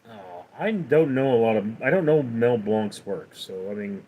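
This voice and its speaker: A man's voice: medium pitch, lively intonation, a little slow, phone-quality sound, a little hiss or hum. A man hosting a casual livestream who reads viewers' chat questions aloud and answers them. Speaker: livestream host.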